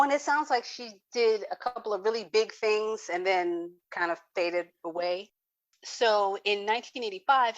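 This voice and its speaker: A woman's voice: mid-range voice, no echo, muffled recording. A woman co-hosting a car talk show, chatty and casual, reading facts with many ums. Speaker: co-host.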